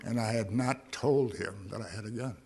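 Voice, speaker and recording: Fairly low and darkish in tone, this middle-aged recovery meeting speaker shares his own story from the podium at a moderate pace. He is sincere throughout, occasionally turning wry with dry humor.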